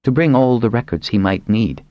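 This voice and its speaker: A man voicing a commanding, sharp-witted woman who leads dragonriders in an audiobook, speaking firmly and persuasively. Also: medium pitch, animated, moderate pace, no echo, muffled recording, pitched above the performer's own voice, lightly acted. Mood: resolute.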